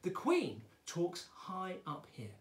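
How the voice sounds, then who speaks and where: Playful drama teacher in an echoey room. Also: male voice, high voice, wildly swooping pitch, slow, a little hiss or hum. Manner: chatty, playful and encouraging to children. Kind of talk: playful children's drama lesson.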